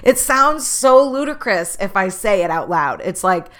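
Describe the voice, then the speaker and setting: A woman telling a personal story in a candid, animated way, acting out the voices of people in it. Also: medium pitch, unhurried. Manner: candid, animated, acts out quoted dialogue.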